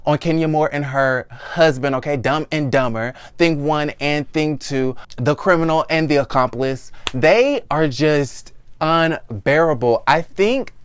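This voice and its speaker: A man's voice: on the high side, measured pace, smooth. A young man hosting his own vlog, recapping a reality TV show in a sassy, blunt, profane chat. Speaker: vlog host.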